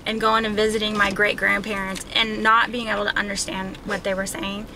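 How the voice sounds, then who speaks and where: A middle-aged woman and mother chatting casually as a guest, speaking softly, laughing easily and giving short agreeing replies. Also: mid-range voice, little pitch movement, a little hiss or hum, rough recording. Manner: soft-spoken, quick to laugh, brief agreeing replies. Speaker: guest, homeschooling mom and artist. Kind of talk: casual chat.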